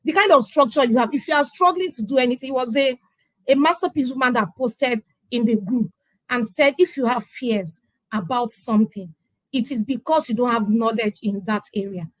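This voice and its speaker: Nigerian woman guest, middle-aged, kinda high voice, dry close sound, animated storytelling and acting out the quotes. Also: normal speed, no echo, rough recording. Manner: emphatic storyteller who acts out quoted dialogue. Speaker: interview guest sharing her parenting journey. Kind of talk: conversational testimonial.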